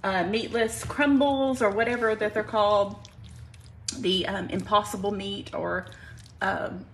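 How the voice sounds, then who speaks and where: Cooking live in her Alabama kitchen, this Southern host chats in a homey way, welcomes viewers by name, and leans on "y'all," clearing her throat now and then from allergies. Her medium-pitched voice is steady, measured, and a bit bright, on a rough recording with slight background noise.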